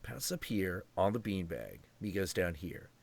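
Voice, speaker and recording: A man hosting a stream, telling a story in a casual, animated, profane and rambling way. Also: low-pitched, unhurried, creaky.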